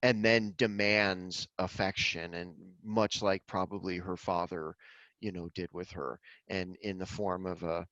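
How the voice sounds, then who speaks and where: A man's voice: low voice, level tone, unhurried, a bit bright, no echo, lo-fi sound. A man co-hosting a podcast, talking earnestly through a film and often repeating words as he gathers his thoughts. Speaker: podcast co-host. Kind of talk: casual film discussion.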